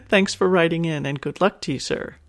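A woman's voice: lowish voice, unhurried. A woman hosting an advice podcast, talking frankly and casually, reading listener emails and laughing often. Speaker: sex advice podcast host.

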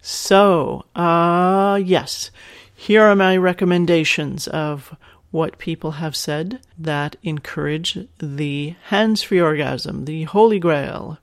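A woman's voice: on the low side, fairly even intonation, takes it slowly. A woman hosting an advice podcast, talking frankly and casually, reading listener emails and laughing often. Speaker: sex advice podcast host.

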